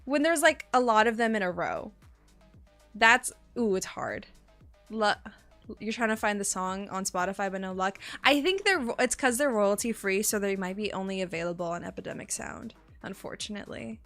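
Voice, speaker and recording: Bright-voiced excitable woman streamer. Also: medium pitch, fairly quick, soft background music. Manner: excitable, swears freely, gasps and laughs often. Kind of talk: casual stream chat.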